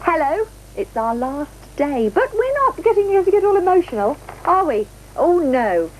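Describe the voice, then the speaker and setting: Brief: female children's TV host, bubbly and chatty, high and very lively, old broadcast audio under faint music. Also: moderate pace, rough recording. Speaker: TV presenter. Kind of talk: children's TV birthday slot.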